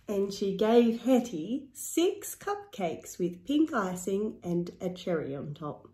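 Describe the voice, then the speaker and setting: Slow, expressive woman reading a picture book. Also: mid-range voice. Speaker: storyteller. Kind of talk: children's picture book read-aloud. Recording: echoey room.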